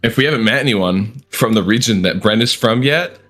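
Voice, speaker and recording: A man's voice: fairly low pitch, brisk, fairly bright tone, faint music behind. A man playing a tabletop game, chatting and joking casually. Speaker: player.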